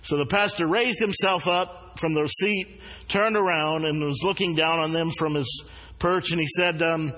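Earnest preacher in a reverberant hall. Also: male voice, on the high side, steady tone, sharp tone. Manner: earnest, slows down to stress key words. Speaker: pastor. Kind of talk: sermon. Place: church sanctuary.

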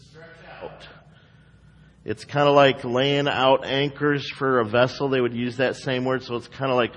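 A male pastor preaching a sermon with expressive delivery, rising to loud emphasis and dropping to slow, quiet asides. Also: mid-range voice. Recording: long hall reverb.

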